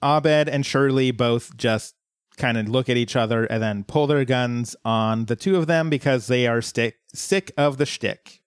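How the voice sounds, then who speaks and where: A man co-hosting a podcast, recapping a TV episode in relaxed, unhurried casual chat. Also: medium pitch, smooth, no room sound, studio quality. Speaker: podcast co-host.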